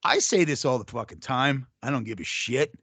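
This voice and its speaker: A man's voice: mid-range voice, expressive, normal speed, a bit bright, dry recording. A man co-hosting a casual podcast, speaking bluntly and swearing freely. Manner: blunt and profane. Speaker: podcast co-host.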